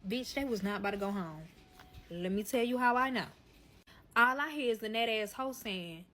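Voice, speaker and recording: Bright, profane woman telling a story. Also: fairly high pitch. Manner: profane, emphatic, addresses listeners as y'all. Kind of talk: casual storytime monologue.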